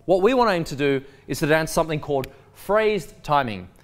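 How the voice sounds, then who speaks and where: A man teaching a dance lesson, explaining clearly and encouragingly, singing his counts with lively inflection. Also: a little high, a little fast. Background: piano music.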